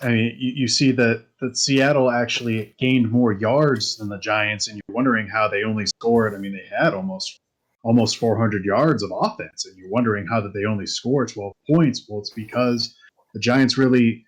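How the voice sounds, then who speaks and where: Calm male co-host; measured, analytical sports breakdown. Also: medium pitch. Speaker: podcast co-host.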